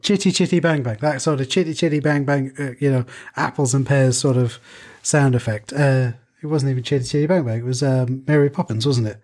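A man's voice: medium pitch, steady tone, fairly quick, a little mellow. A man in a casual chat who tells a long, rambling story full of fillers and self-corrections.

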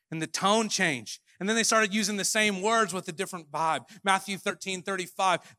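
High-voiced animated preacher man. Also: brisk, hardly any pauses, no room sound, studio quality. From Canada. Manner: animated, shifts between loud declarations and hushed asides. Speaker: pastor. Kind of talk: sermon. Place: church hall.

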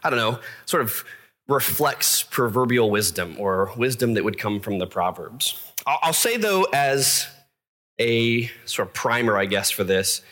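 A man's voice: medium pitch, pushed and bright. A man preaching a casual, self-deprecating sermon to his church, with fillers and asides. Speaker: pastor.

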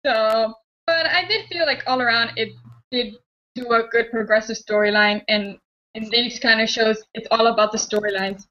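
A woman with a bright, fairly high voice chats on a group podcast. She gives her opinions in a lively, chatty way. The sound is dull and lo-fi. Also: moderate pace. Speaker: podcast panelist. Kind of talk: casual group discussion.

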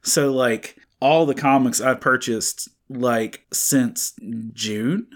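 In his thirties, this co-host of a relaxed comics chat show speaks slowly in a mid-range male pitch. He tells a story in a loose, rambling way, heaping on fillers and false starts during the casual chat.

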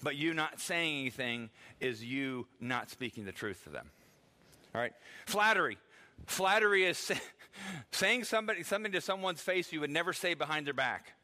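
Bright-voiced man preaching conversationally. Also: on the high side, expressive, moderate pace. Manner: conversational, acts out quoted voices, laughs now and then. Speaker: pastor. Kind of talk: sermon.

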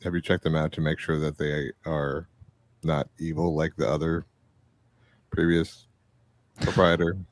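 A man playing in a tabletop game, wry and joking, with a deadpan delivery. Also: a bass voice, unhurried, dry recording, studio quality. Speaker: player. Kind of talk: casual tabletop play.

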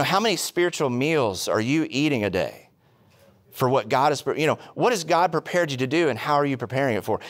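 A man preaching a sermon, telling stories with quick humorous asides and rhetorical questions. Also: medium pitch. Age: adult, past college. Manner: animated storytelling with asides. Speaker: pastor.

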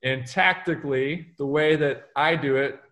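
Man, author being interviewed, energetic, emphatic, slightly high voice. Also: measured pace. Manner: energetic, emphatic, acts out quoted dialogue. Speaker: author and keynote speaker. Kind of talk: radio interview answers.

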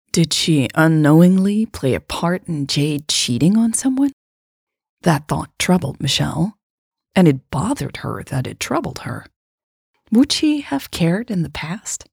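Low, husky woman reading a story. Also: a little mellow, no echo, studio quality. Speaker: narrator. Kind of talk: scripted story narration.

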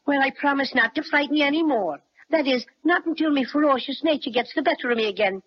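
A woman's voice: high-pitched, fast talker, close to an everyday voice. A woman voicing a small, playful male teddy bear with a lilting Irish brogue, in 1930s radio acting. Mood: friendly. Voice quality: lilting brogue, warm and chatty. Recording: dull, lo-fi old radio recording.

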